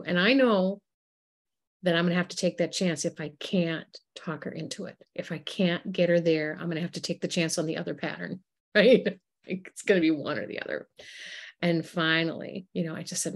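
A woman guest author in an interview, telling animated stories and acting out the voices of the people in them. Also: lowish voice, normal speed, vocal fry. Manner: animated storytelling, acts out quoted voices. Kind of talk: interview conversation.

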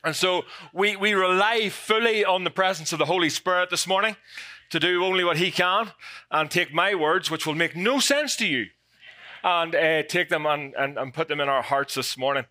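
Speaking as a visiting pastor in a church sanctuary, an Irish man with a Northern Irish accent delivers a sermon full of self-deprecating jokes and emotional moments. He has a high-pitched, sharp voice at normal speed, recorded with no room sound.

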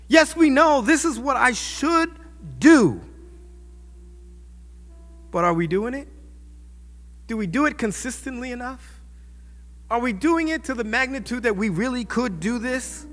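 A pastor preaches with a high, animated voice that swings widely and jumps to loud, ringing peaks. His impassioned delivery fills a church with a long reverb tail. Faint music plays underneath. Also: a little slow, long pauses. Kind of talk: sermon.

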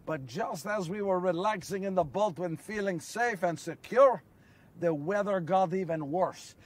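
An actor in a one-man biblical monologue plays an earnest apostle, recounting miracles in the first person with a high voice and a slightly slow pace. Fervent, he tells the story, throws rhetorical questions at his listeners, and builds up to shouts. Recorded on location outdoors, he sits far from the mic.

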